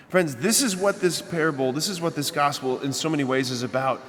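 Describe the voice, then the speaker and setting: A man's voice: a little high, brisk, hardly any pauses, fairly bright tone. Male priest, conversational homily, long church reverb. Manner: conversational, asks rhetorical questions. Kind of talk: sermon.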